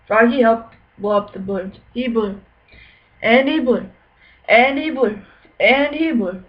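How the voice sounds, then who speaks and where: Young female student teacher, clear and teacherly; lo-fi classroom sound. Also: a little high, measured pace, pauses often. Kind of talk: picture-book read-aloud and lesson.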